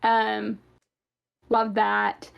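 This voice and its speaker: A woman's voice: medium pitch, completely flat delivery, extremely slow, gravelly, clean tone, highs cut off. A young woman co-hosting a podcast, chatting casually and rambling through her thoughts. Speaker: podcast co-host. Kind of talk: casual chat.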